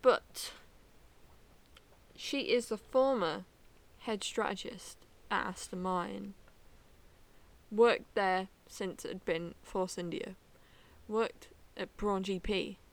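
A young woman co-hosting a podcast, chatting casually in an excitable, laughing way. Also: medium pitch, takes it slowly, gravelly. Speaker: podcast co-host. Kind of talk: casual chat.

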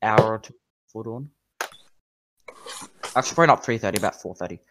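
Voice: mid-range voice, lively intonation, fast, heavy background noise. A game master narrating a tabletop fantasy game over an online call, casual, laughing easily and often restarting sentences.

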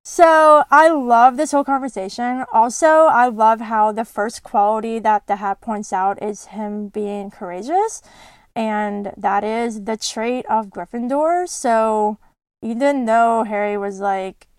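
A woman's voice: a little high, a little slow, dry recording. A young woman hosting a podcast, recapping a book in a bubbly, giggly way. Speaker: podcast host. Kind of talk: casual chat retelling a book.

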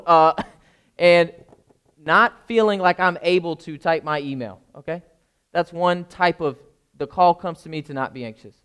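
Man, pastor, informal sermon, slightly high voice, checks in with listeners. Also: a bit bright, smooth. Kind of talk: conversational sermon.

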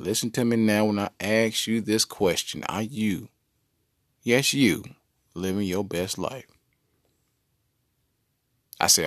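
A man's voice: on the low side, moderate pace, no room sound, clean studio sound. A man hosting a solo comedy podcast, riffing playfully and talking straight to his listeners. He is a parent with a daughter. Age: adult parent. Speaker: podcast host.

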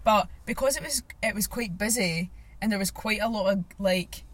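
A woman's voice: medium pitch, moderate pace, husky. A young woman co-hosting a podcast, talking in a chatty, rambling way and laughing often. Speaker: podcast co-host. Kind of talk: casual chat.

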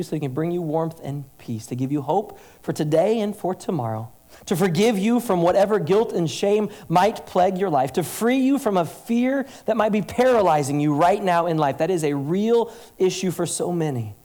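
A man's voice: fairly high pitch, warm tone. Earnest male pastor preaching a sermon. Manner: earnest, emphatic, with rhetorical questions.

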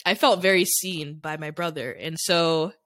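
A woman's voice: low voice, unhurried, fairly bright tone, dry recording, studio quality. A young adult woman co-hosting a podcast, telling personal stories in a candid, rambling way, packed with "like" fillers. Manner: rambling, heavy use of "like" fillers. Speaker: podcast co-host. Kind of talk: casual chat.

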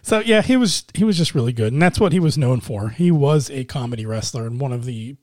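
A man's voice: medium pitch, animated, fairly quick, a little mellow, no room sound. Easygoing teasing man, dry close sound. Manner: easygoing, teasing, laughs often. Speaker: podcast host. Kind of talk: casual chat.

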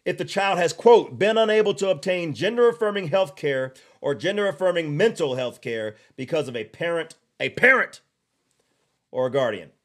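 A man hosting a political podcast, giving heated, blunt opinion commentary with slow, emphatic repetition and drawled asides. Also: a little high, lively intonation.

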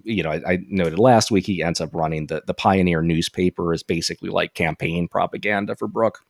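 A man hosting a casual book discussion, animated and profane, laughing often and reading quotes aloud. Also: low voice, no echo, studio quality. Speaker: podcast host discussing a novel.

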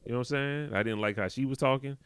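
This podcast co-host is a fast-talking man with a medium-pitched, clean-toned voice, yet his chat stays casual and laid-back. He often turns to his partner with "you know what I'm talking about." The sound is clean studio quality with no room sound.

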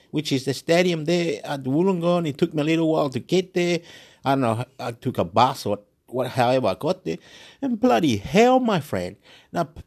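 Excitable, profane Chilean man. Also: a little high. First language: Spanish. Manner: excitable, profane, repetitive chanting. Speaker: vlogger. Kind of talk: rambling monologue. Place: Wollongong, Australia.

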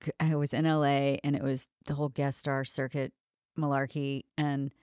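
Female host, deep-voiced, frank and blunt, swears freely, dry close mic. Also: level tone, normal speed, a little mellow, dry recording. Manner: candid, blunt storyteller who swears freely. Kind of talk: casual interview chat.

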